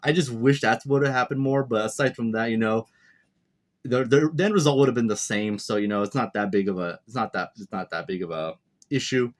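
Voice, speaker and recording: A man's voice: mid-range voice, brisk. A man casually reviewing a comic chapter, rambling and speculating aloud with many fillers and restarts. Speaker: manga reviewer. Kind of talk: casual commentary.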